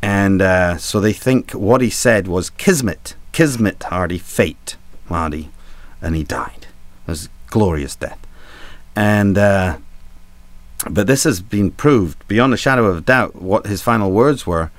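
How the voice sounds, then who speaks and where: Low-voiced man telling a rambling tale. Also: measured pace, dry recording. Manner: rambling, irreverent, chuckling, many fillers. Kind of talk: anecdotal storytelling.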